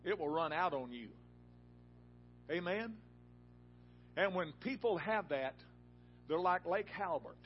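A man preaching a sermon in a church, telling a folksy personal story that rises to loud, emphatic peaks. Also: high voice, lively intonation, takes it slowly, long pauses, muffled recording, slight background noise.

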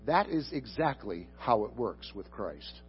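A man preaching a sermon into a microphone before a congregation, asking them questions and swinging from loud emphatic bursts to soft, slow asides. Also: on the low side, very animated, muffled recording, slight background noise. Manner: addresses the congregation directly with questions. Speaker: pastor. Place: church sanctuary before a congregation.

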